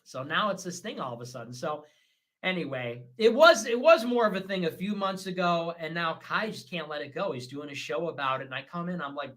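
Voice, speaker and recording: High, bright-voiced man ranting on stream. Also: brisk. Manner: animated and combative, jumps between loud bursts and low mutters; self-assured, talks in repeated short phrases. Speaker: livestream show host. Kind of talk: rambling livestream monologue.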